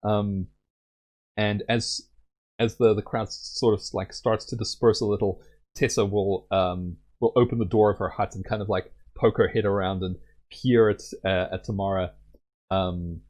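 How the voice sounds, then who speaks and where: A man's voice: on the low side, fairly even intonation, normal speed, a little mellow. A young man narrating a solo tabletop game in a rambling way with many fillers.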